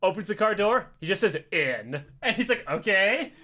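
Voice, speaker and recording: A man's voice: high voice, quick pace, fairly bright tone. A man casually telling a comic story, swearing often and acting out the voices with laughs. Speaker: podcast host telling a story.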